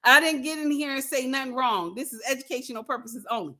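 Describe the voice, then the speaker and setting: Blunt, high, bright-voiced woman streamer. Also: fast. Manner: blunt, preachy, repeats her points for emphasis; addresses viewers and chat directly. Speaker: livestream host. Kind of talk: casual livestream commentary.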